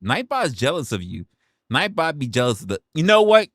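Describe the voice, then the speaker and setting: Animated swearing livestreamer, bright dry voice. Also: mid-range voice, fairly quick, no room sound. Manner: animated, swearing, laughing, exclaiming. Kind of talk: casual livestream chat reacting to viewers.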